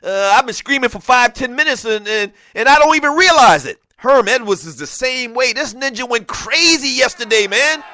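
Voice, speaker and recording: A male sports talk host speaks with a high, bright voice. He runs a passionate studio monologue that often climbs into shouting. The sound is dry and close. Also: expressive, normal speed, hardly any pauses, dry recording. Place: radio studio.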